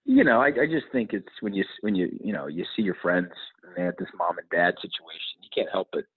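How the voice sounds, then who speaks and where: Middle aged guy telling his story, earnest, husky, lowish voice. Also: very animated, a little fast. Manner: earnest, reflective, with many restarts. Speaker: guest. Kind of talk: personal storytelling in an interview. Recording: tinny phone-like line.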